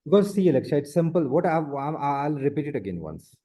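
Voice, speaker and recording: A man's voice: a little high, sing-song, fairly quick, mellow. A man tutoring math one on one, explaining step by step and repeating his points. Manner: explains step by step, repeats points, often says the student's name.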